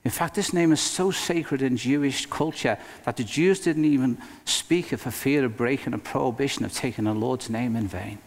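A male pastor preaching a sermon in an earnest, emphatic way, with dramatic pauses. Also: medium pitch. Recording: long reverb of a hall.

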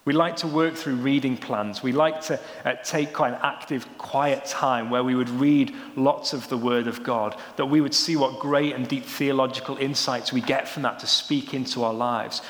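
Young guy giving a sermon, chatty and animated, big echoey church hall with long reverb. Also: medium pitch, moderate pace, few pauses. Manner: animated storytelling, rising excitedly when joking. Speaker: preacher.

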